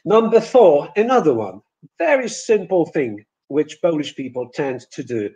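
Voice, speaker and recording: Slow, deliberate male pronunciation teacher. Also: on the high side, big pitch swings, mellow, slightly rough, lo-fi sound. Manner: repeats example words slowly to demonstrate sounds; hesitant, with frequent fillers and self-corrections. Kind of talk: webinar lesson.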